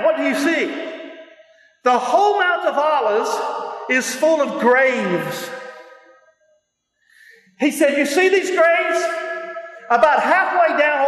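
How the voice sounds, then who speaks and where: A man preaching a sermon at a very high pitch, his voice ringing through a large hall with a long echo. He speaks with fervor, shouting as he tells his stories. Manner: impassioned, often shouting, laughs between stories. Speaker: pastor. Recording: echoey hall with long reverb.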